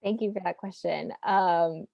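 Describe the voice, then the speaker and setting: A woman's voice: lowish voice, steady tone, a little slow, gravelly, no echo, lo-fi sound. A woman artist giving an earnest, impassioned presentation over a video call. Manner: earnest, impassioned, rising to a rallying close. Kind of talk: prepared presentation in a webinar.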